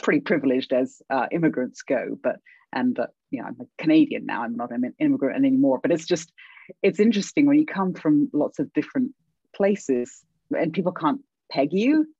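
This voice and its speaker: Husky British woman, laughing storyteller. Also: extremely low pitch, a little fast, no echo, highs cut off. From England. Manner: lively, self-deprecating, laughs often. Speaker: guest, legal academic. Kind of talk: casual interview chat.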